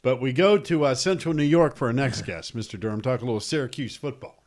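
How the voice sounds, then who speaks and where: A man's voice: medium pitch, quick pace. A man hosting a sports radio show, introducing guests with wry, joking asides. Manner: wry, joking, filler-laden delivery.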